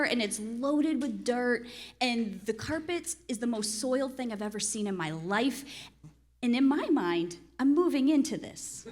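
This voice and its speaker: Animated woman telling a story, laughing. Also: sits high. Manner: animated, laughing, acts out quotes. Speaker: real estate investor. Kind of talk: storytelling on a panel.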